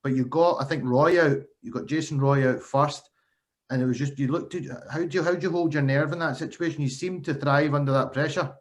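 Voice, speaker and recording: A man's voice: on the high side, steady tone, a little fast. A man hosting a casual interview, asking friendly, conversational questions.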